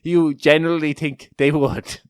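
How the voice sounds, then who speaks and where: Guy rambling and joking on a podcast, swears a lot, smooth clear voice, dry sound. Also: a little high, level tone, unhurried, no room sound. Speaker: podcast co-host. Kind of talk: casual chat.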